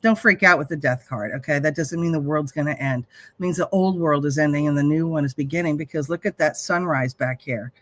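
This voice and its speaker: A woman's voice: deep voice, brisk, fairly bright tone. A middle-aged woman hosting a livestream, giving a chatty, spiritual tarot reading with some earthy swearing. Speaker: host and tarot reader.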